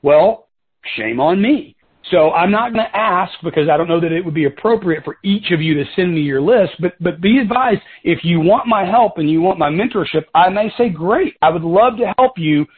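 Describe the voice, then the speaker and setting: A man's voice: high-pitched, normal speed, husky. A man leading a coaching talk for his sales team on a conference call, casual and conversational, often calling them "guys" and wandering into side stories. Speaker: sales team leader and mentor. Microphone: telephone. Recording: tinny phone-line conference call.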